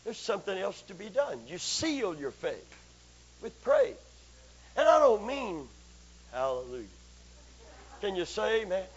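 A man preaching a broadcast sermon, swinging from quiet, low asides to loud, shouted exhortation, asking the congregation for amens. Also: big pitch swings, normal speed, lo-fi sound. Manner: rises from low, soft asides to loud, shouted exhortation, constant calls of amen.

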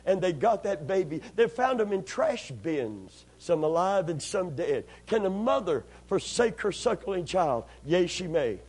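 A man preaching a sermon, calling for amens, swinging from steady teaching into impassioned shouting. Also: sits high, breathy edge. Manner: call-and-response, rising to impassioned shouting.

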